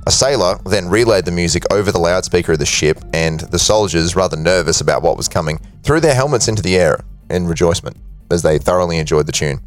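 Deep-voiced man telling history. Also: quick pace, soft background music. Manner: steady narration with frequent uh fillers. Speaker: podcast host. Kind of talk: casual history storytelling.

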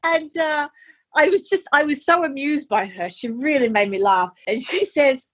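A woman telling a personal story in conversation, animated and laughing as she quotes others. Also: high-pitched, moderate pace. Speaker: interviewee.

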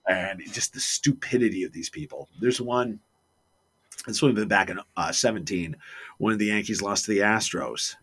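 A man's voice: fairly low pitch, moderate pace, slightly rough. A man co-hosting a podcast, telling stories in a casual chat and acting out the quotes. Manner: animated, acts out quotes.

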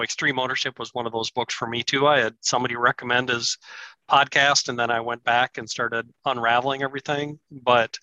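A middle-aged man hosting a podcast interview, chatty and affirming, quick to chime in with his own experiences. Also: mid-range voice, sharp tone, no room sound, poor audio. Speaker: podcast host. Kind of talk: casual interview chat.

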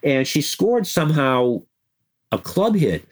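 An older man telling animated, chuckling stories as an interview guest, slipping into quoted voices. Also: on the high side, slow pace, a little hiss or hum. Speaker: interview guest, former music news editor. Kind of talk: anecdotal interview storytelling.

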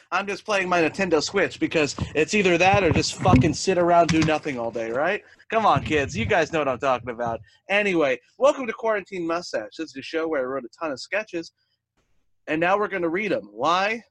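A man's voice: a little high, expressive, fairly quick, background noise. A man hosting a sketch table read over a video call, chatting casually with lots of fillers and reading stage directions. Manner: casual, joking, filler-heavy. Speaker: host and sketch narrator.

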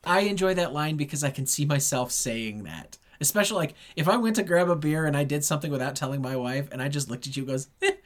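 A man's voice: a little high, expressive, fast talker, few pauses. A married man co-hosting a podcast in casual chat, blunt and joking with frequent swearing. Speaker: podcast co-host.

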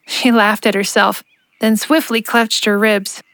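A woman narrating an audio drama in a measured, expressive reading. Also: medium pitch, no room sound, clean studio sound. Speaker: narrator and ad host.

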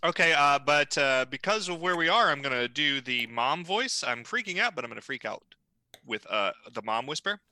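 A man's voice: fairly high pitch, animated, normal speed, sharp tone, dry recording. A man playing a tabletop role-playing game, chatting casually and self-deprecatingly, swearing freely. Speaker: player.

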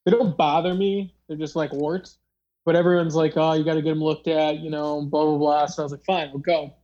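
Podcast host, casual storytelling, rambling with fillers, mellow dark tone, slightly dull lo-fi sound. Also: medium pitch, little pitch movement, brisk. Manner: rambling, filler-heavy, acts out dialogue.

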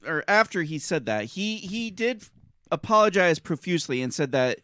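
Man, podcast co-host, animated pitch, agreeable, dry close mic. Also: moderate pace, dry recording. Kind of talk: casual reaction commentary.

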